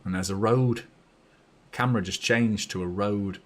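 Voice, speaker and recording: A man hosting a live match watchalong, chatty and blunt, bursting into excited shouts when his team scores. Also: on the low side, unhurried. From north of England. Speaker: fan channel host.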